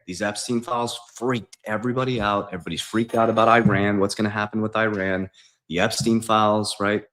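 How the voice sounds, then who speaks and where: A man's voice: fairly low pitch, a bit bright. A man as a financial coach on a livestream, emphatic and preachy, repeating his points. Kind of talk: livestream talk.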